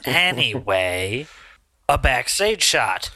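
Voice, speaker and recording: A man co-hosting a podcast, recapping slowly and haltingly with many fillers in casual comedic chat. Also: mid-range voice, very animated, pushed and bright. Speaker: podcast co-host recapping a wrestling game.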